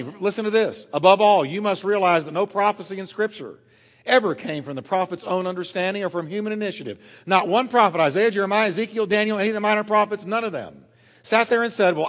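A pastor preaching a sermon to his church, emphatic, dropping quiet and then swelling loud, drawing out key words. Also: sits high, expressive, fast, in a large hall.

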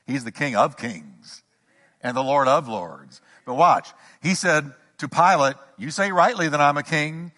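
Animated preaching man in a reverberant hall. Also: fairly high pitch, unhurried. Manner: emphatic preaching with rising repeated questions. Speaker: pastor. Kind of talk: sermon.

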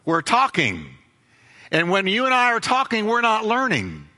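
High, lively pastor preaching in a reverberant hall. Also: male voice, unhurried. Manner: emphatic preaching with repeated phrases and acted-out dialogue. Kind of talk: sermon.

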